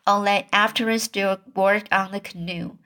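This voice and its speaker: A woman reading a children's book aloud, halting often and restarting stumbled words. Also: medium pitch, steady tone, pushed and bright. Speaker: reader.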